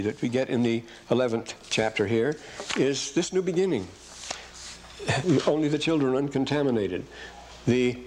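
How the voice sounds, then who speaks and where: Male lecturer, scripture class: reads verses aloud with emphasis, rambles, fumbles and corrects himself, average pitch. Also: darkish tone, slight background noise.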